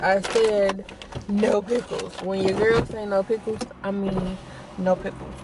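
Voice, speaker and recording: A woman's voice: mid-range voice, unhurried, very noisy. A young woman, chatting casually to viewers as she reviews food in a car on her phone. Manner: chatty, animated, talks to viewers as y'all. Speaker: vlogger.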